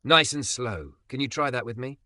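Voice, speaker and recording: A man voicing a calm, gentle young man. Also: mid-range voice, no room sound, studio quality, voice pushed up. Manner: calm, slow, steady, reassuring.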